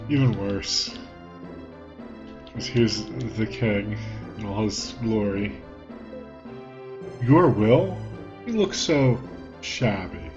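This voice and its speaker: A man joking his way through a video game playthrough in a wry, rambling way, recorded on a home desk mic with button clicks. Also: lowish voice. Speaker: let's play host. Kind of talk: casual gameplay commentary. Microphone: desk mic at home, button clicks audible. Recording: dull lo-fi with game music.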